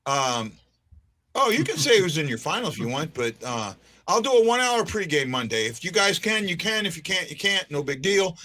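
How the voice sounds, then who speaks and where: Male fan-show host, bright and slightly high voice, loose rambling delivery with restarts. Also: very animated, normal speed. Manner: rambling, repeats himself and restarts. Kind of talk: casual live-stream chat.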